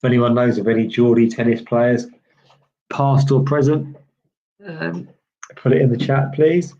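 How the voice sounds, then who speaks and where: A UK man chats his way through informal live tennis commentary, meandering and using lots of "um"s while responding to viewer messages. He has a mellow, mid-range voice with fairly even intonation and an unhurried pace, heard over slightly dull lo-fi stream audio.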